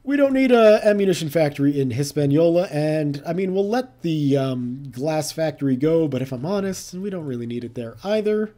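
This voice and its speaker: A man talks through a strategy game in a relaxed, chatty way, thinking aloud and tossing in playful jabs. His voice is mellow and dark, and it rises and falls a lot as he goes. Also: on the high side, moderate pace, hardly any pauses. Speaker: gameplay commentator. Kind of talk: casual let's-play commentary.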